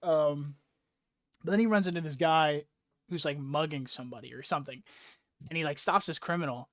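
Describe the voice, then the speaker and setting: A man's voice: fairly high pitch, fairly quick, a bit bright, dry recording, clean studio sound. A young man hosting a casual podcast chat, rambling with lots of fillers and swearing freely as he recaps a story. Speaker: podcast host.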